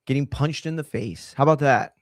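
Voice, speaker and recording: A man's voice: medium pitch, a little fast, dry recording, studio quality. A man hosting a reaction commentary show, sarcastic and profane as he reacts to clips. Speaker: host.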